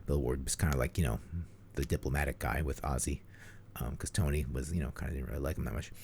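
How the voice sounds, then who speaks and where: A man's voice: rumbling low, fairly even intonation, fast talker, creaky, a little mellow, slight background noise. A man co-hosting a casual metal podcast, joking and rambling with many fillers. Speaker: podcast co-host. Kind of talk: casual chat.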